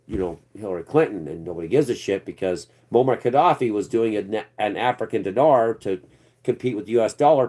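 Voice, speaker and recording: A man's voice: on the low side, dark tone. A man hosting his own political commentary channel, ranting off the cuff in a rambling, sarcastic and profane way.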